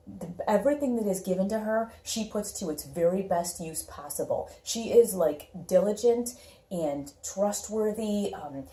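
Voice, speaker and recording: A woman talks through a tarot reading in a casual, emphatic way, often acting out quoted reactions. Her voice sits a little low with a warm, mellow tone. The room around her sounds echoey. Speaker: tarot reader.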